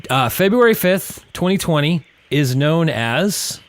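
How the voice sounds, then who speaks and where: A man's voice: on the high side, lively intonation, a little slow. A man hosting a casual podcast, upbeat and joking as he runs the chat. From Pacific Northwest. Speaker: podcast host.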